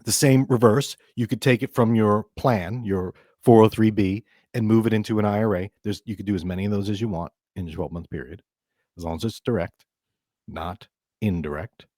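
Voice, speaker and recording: Man, middle-aged, low voice, chatty radio host, emphatic asides, dry studio sound. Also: a little fast, a little mellow, no room sound. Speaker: financial advisor and podcast host. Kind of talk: casual radio-show explainer.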